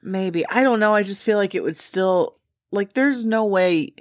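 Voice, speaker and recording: A woman's voice: medium pitch, measured pace, no echo, clean studio sound. A woman in her thirties co-hosting a podcast, chatting casually and candidly and swearing freely. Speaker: podcast co-host. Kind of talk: casual chat.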